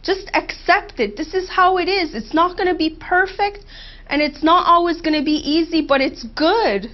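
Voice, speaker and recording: Heartfelt woman speaking with halting pauses. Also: very high voice, muffled recording. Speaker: therapy client. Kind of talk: emotional therapy role-play.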